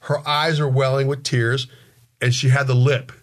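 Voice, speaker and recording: A man's voice: medium pitch, flat delivery. A man in his forties telling family stories in a casual chat. He rambles, restarts his sentences, and acts out what his family members said. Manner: rambling, halting storyteller who restarts sentences.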